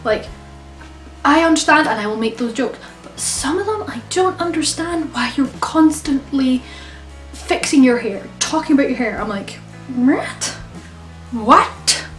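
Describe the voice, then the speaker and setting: A woman's voice: sits high, lively intonation, normal speed, faint music behind. A young woman with a cold, talking casually in an exasperated, questioning vlog monologue. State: has a cold. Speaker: vlogger. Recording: roomy, from a distance.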